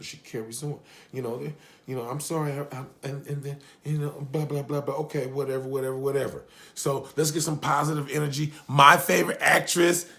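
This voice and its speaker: A man's voice: mid-range voice, gravelly, a bit bright. A man reviewing a TV episode in casual recap chat, joking and swearing, with asides to his wife. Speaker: TV show reviewer.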